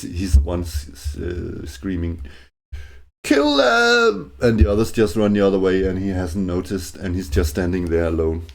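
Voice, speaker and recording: A man narrating his own solo tabletop game, thinking aloud in a hesitant way, with many fillers and restarts and quiet chuckles to himself. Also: low voice, slight background noise.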